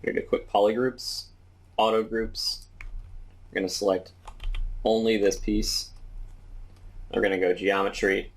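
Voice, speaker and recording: A man teaching 3D modeling, calmly talking through each step as he works in a screen-recorded tutorial. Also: deep voice. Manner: relaxed step-by-step explaining while working. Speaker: 3D modeling instructor.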